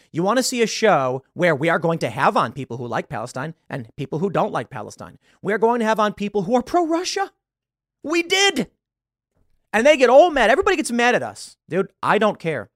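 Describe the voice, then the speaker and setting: A man's voice: high voice, sing-song, fast, a bit bright, dry recording, clean studio sound. A man in his thirties hosting a podcast, delivering a combative opinion monologue with emphatic outbursts and stammered restarts. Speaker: podcast host.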